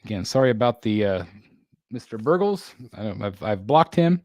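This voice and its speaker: This man's voice sits on the low side, with big swings in pitch and a slightly mellow quality, recorded without echo. He's hosting a casual livestream from a home room still being built, reading viewer comments in a halting way full of fillers, restarts and frequent small laughs.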